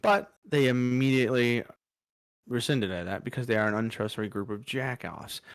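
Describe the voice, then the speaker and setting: A man's voice: mid-range voice, lively intonation, normal speed, dry recording, studio quality. A man co-hosting a podcast, giving a frustrated, emphatic political opinion. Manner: frustrated, emphatic, mocking quotes. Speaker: podcast co-host.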